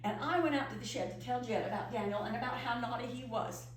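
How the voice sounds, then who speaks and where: A middle-aged woman telling a story in first person as a pioneer woman, expressive and emotive. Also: a little high, quick pace. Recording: echoey room from far off with faint hum.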